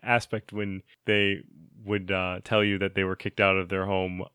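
A man's voice: low voice, little pitch movement, normal speed, sharp tone, clear, resonant tone, no echo, clean studio sound. A man chatting casually about old video games, talking in a loose way with lots of restarts. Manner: chatty, many restarts and fillers.

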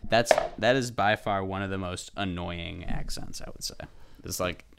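A man's voice: low-pitched, moderate pace, gravelly, fairly bright tone, slight background noise. A young man from the Midwest chatting casually, with loose slangy talk, swearing and lots of fillers. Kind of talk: casual chat.

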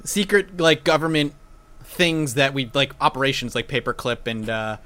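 A man hosting a podcast in casual chat, animated, profane and enthusiastic as he lays out the topic. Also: medium pitch, normal speed. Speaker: podcast host.

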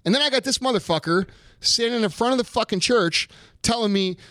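Brief: high-voiced man in his thirties, profane heated rant, bone-dry close sound. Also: fairly quick, fairly bright tone, no echo. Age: 30s. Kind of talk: casual chat.

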